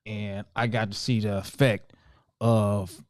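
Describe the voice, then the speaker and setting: A man guesting on a podcast, talking reflectively with many fillers. His voice sits on the low side, and it is recorded dry and close, with no room echo. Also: flat delivery, takes it slowly, darkish tone. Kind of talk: casual interview answer.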